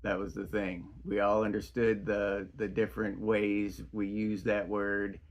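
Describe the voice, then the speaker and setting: Middle aged guy doing a solo podcast, kinda low voice, rambles and restarts a lot. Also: flat delivery, unhurried, slight background noise. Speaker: podcast host. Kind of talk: casual monologue.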